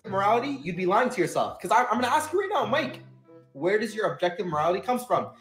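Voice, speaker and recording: A man's voice: sits high, very animated, fast, a bit bright, roomy sound, soft background music. A man in a played clip, challenging someone with pointed questions. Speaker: religious TikToker.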